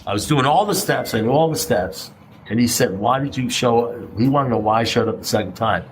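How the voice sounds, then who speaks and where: A man's voice: mid-range voice, lively intonation, a little fast, slight background noise, low-quality recording. A middle-aged man speaking at a recovery meeting, blunt and conversational, throwing out rhetorical questions and the odd curse. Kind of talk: personal share at a recovery meeting.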